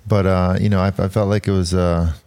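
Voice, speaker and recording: A man co-hosting a cycling podcast, a former pro racer who tells stories quickly with an easy laugh. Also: low-pitched, smooth. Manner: quick, laughing, animated storyteller. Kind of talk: casual chat.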